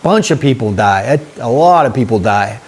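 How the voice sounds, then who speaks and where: A man's voice: medium pitch, animated, normal speed, breathy edge. A man hosting a casual vlog, rambling and chatty as he talks straight to his viewers. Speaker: YouTube host.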